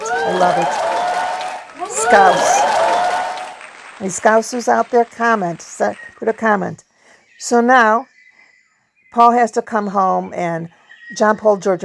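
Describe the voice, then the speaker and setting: A woman talks through a casual review, conversational and loose. Her voice carries a gravelly fry. She chats along with small laughs between thoughts. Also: medium pitch. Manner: chatty, laughs often, hums song snippets. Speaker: video host; performer. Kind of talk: casual book review vlog.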